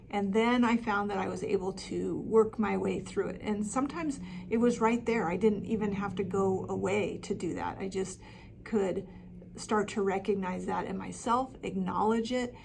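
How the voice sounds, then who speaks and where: A woman's voice: medium pitch, fairly even intonation, moderate pace, gravelly, darkish tone, a little hiss or hum. A middle-aged woman coaching parents with practical advice, talking plainly with frequent ums and restarts. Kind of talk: talking-head advice video.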